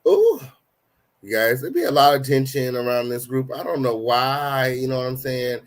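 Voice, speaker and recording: Man, gossip show host, slangy, mid-pitched voice. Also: little pitch movement, moderate pace. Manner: dramatic exclamations, slangy, chatty. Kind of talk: casual gossip chat.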